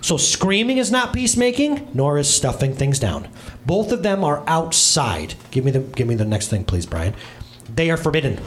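A man in his thirties, a pastor preaching a humorous sermon from a church stage. He tells stories with animated comic voices and quick asides. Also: a little high, a little hiss or hum.

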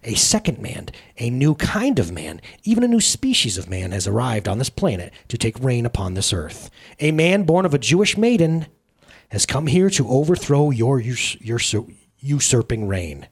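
A man's voice: medium pitch, big pitch swings, moderate pace, slightly rough. A man voicing a commanding, solemn holy man in a dramatic book reading.

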